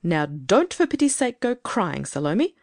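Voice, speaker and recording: A woman's voice: mid-range voice, sing-song, moderate pace, no echo, clean studio sound. Strict, irritable woman read by a female narrator for an audiobook; firm, scolding delivery that rises and falls a lot. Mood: stern. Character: stern, irritable grown woman who sets strict rules. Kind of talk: audiobook character reading.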